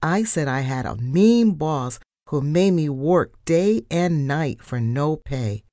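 A woman's voice: low-pitched, expressive, slow, warm tone, dry recording, clean studio sound. A woman voicing a pushy, cheeky young female mouse reporter in a storybook. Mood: chatty.

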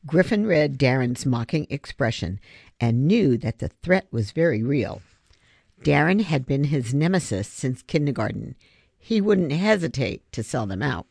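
An audiobook narrator reading a children's novel aloud in an expressive way. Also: mid-range voice, a little slow, vocal fry, breathy edge, no echo, clean studio sound.

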